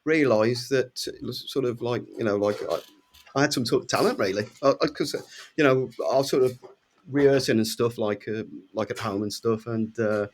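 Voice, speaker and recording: Guest, English male, 60s, mid-pitched, rambling storyteller who voices the people in his tales. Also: normal speed, slight background noise. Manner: lively anecdotes, acts out quoted voices with big pitch jumps. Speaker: guest musician. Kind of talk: casual storytelling.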